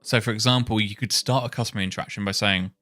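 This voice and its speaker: A man talking to himself while testing speech software, muttering and correcting himself as he goes. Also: fairly low pitch, steady tone, fast, dry recording, faint music behind. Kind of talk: casual thinking-aloud coding session.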